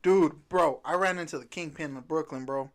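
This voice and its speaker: A man's voice: fairly high pitch, moderate pace. A man from California co-hosting a podcast, chatting casually and telling stories with plenty of swearing. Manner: laid-back, swears a lot, storytelling. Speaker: podcast co-host. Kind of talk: casual chat.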